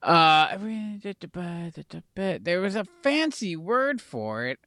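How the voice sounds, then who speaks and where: A man's voice: high-pitched, sing-song, normal speed, bright, forceful tone, dry recording, studio quality. A young adult man co-hosting a casual chat show, rambling, swearing casually and losing his train of thought. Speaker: podcast co-host.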